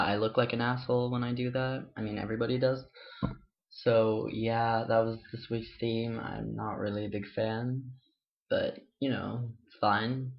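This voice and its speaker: A young man in his home vlog, talking offhand and self-deprecating, swearing freely as he rambles. His voice sits mid-range, and the audio is slightly dull and lo-fi. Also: mid-range voice. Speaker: vlogger. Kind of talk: casual vlog chat.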